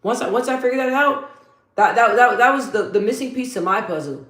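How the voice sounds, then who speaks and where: Brisk and a bit bright, with lively intonation, a woman vlogger addresses viewers while doing her makeup at home in a deep, bassy voice she describes as deep for her. She's blunt, slangy and motivational, repeating phrases emphatically, in an echoey room.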